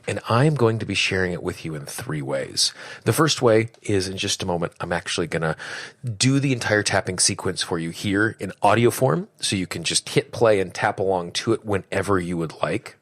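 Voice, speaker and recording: Low-voiced man with a cold. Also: animated, moderate pace, a bit bright, no echo. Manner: friendly, direct address to listeners. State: fighting a cold, voice deeper than usual. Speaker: podcast host. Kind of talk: solo podcast talk.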